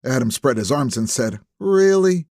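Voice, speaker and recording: A man reading a crime novel aloud as an audiobook narrator, in steady, measured storytelling. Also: medium pitch, dry recording, clean studio sound. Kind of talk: scripted narration.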